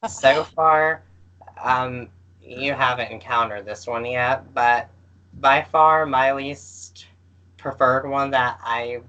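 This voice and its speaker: Man, podcast co-host, slow unhurried delivery, bright tense tone, casual chat. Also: medium pitch, highs cut off. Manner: slow and hesitant, with many fillers. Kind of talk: casual chat about games.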